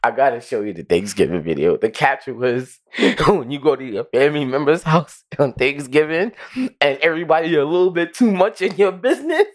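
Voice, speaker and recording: A man's voice: on the high side, expressive, brisk. A man co-hosting a podcast, talking in slang, laughing often and acting out quotes. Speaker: podcast co-host. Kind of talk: casual chat.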